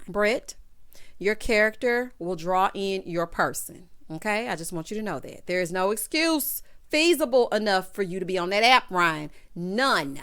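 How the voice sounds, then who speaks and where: Sassy woman with a lively voice. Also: medium pitch. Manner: sassy, exclamatory, frequent "child" and "honey". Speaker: reality TV recap vlogger. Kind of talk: casual episode recap and commentary.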